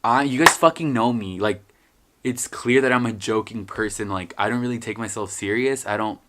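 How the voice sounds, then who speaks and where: A man's voice: lowish voice, moderate pace, very noisy. A young man telling stories in a casual vlog, rambling, joking and swearing freely. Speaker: vlogger.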